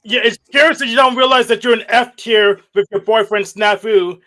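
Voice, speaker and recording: Fast-talking sarcastic man with a sharp high voice. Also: fairly even intonation. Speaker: guest caller. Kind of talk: heated livestream argument.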